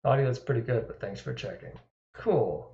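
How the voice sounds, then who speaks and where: A man's voice: mid-range voice, animated, moderate pace, vocal fry, warm tone. A man chatting casually on his live stream, rambling with self-deprecating asides and chuckles. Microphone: desktop microphone. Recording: echoey, dull lo-fi sound.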